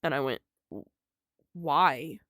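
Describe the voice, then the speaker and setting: A young woman telling her own story in an unscripted vlog, halting and emotional, with frequent swearing. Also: low voice, lively intonation, a bit bright, dry recording, studio quality. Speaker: vlogger.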